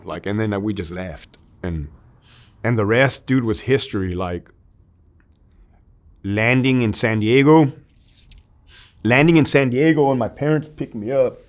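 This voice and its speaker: A man's voice: medium pitch, expressive, normal speed, pauses often. A man in his thirties, an army veteran, speaking as an interview guest in candid, emotional conversation, with a lot of "dude" and "like" and some swearing.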